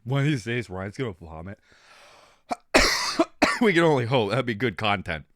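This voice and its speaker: Animated, bright-voiced male streamer. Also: mid-range voice, normal speed, no echo, studio quality. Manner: rambling, animated, laughs and coughs often. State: coughing. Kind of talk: casual stream chat.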